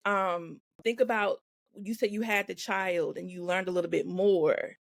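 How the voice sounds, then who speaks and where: A woman's voice: on the low side, steady tone, a little slow, creaky, no echo. Woman guest, casual faith chat, laughs often, dry close recording. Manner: laughs often, acts out quoted voices. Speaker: podcast guest.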